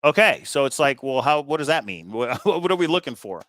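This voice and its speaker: A man's voice: a little high, big pitch swings, a little fast, fairly bright tone, no echo. A man hosting a treasure hunt video, chatting casually and thinking aloud with frequent fillers as he walks through a puzzle solution. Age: adult with kids. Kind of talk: casual walkthrough commentary.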